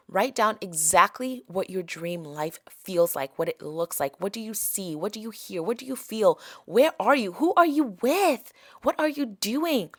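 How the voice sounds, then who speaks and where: A woman's voice: medium pitch, no room sound, clean studio sound. Coaxing African woman podcast host. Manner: coaxing, keeps checking in with "okay?" and "right?". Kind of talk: motivational teaching talk.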